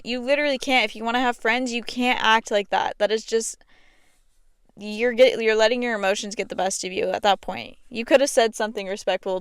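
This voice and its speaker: A woman's voice: medium pitch, fairly bright tone, clear, resonant tone, no echo, clean studio sound. A young woman hosting a podcast, chatting casually and filling her talk with "like". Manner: chatty, fills speech with "like". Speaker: podcast host. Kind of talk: casual chat.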